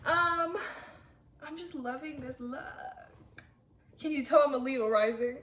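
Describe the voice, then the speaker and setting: A woman's voice: a little high, steady tone, a little slow, slight background noise. A young woman in her twenties rambling candidly to camera in a casual vlog, full of fillers. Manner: rambling, frequent "like", candid and chatty. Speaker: vlogger. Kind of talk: casual confessional chat to camera.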